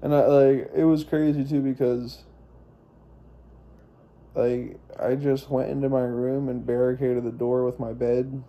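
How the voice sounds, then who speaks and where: A man's voice: mid-range voice, level tone, unhurried, dull audio. A young man telling a personal story in a rambling, profane monologue, full of fillers and restarts. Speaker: vlogger.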